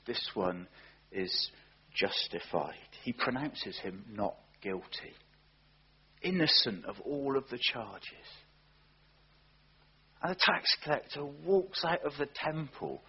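A man's voice: mid-range voice, husky, muffled recording. A man preaching a sermon, earnest and emphatic, asking rhetorical questions.

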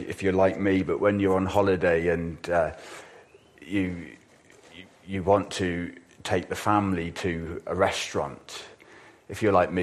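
A man preaching a sermon in a plodding, self-deprecating way, with sudden loud exclamations. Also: low-pitched.

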